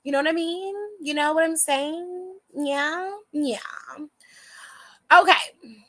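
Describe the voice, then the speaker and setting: A woman's voice: sits high, takes it slowly, a bit bright. A woman hosting a casual wrestling recap, talking in a sassy, profane, slangy way.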